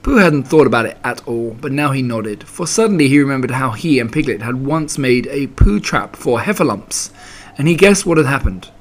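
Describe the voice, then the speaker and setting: A man reads a children's story aloud with an expressive, animated delivery. His voice sits in a middle pitch but moves around a great deal, rising and falling as he tells the story. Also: moderate pace.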